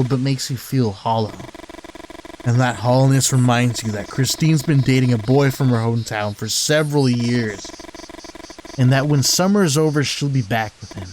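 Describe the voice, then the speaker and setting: A man's voice: mid-range voice, measured pace, darkish tone, slight background noise, poor audio. A man playing a story game, reading its text aloud and breaking in with profane, mocking commentary. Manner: profane, swears often and mocks the characters. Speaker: let's play gamer.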